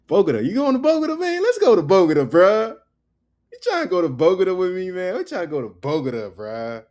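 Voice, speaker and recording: A man voicing a hyped-up young male tourist buddy who talks loud, fast and slangy. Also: sits high, sing-song, pitched above the performer's own voice.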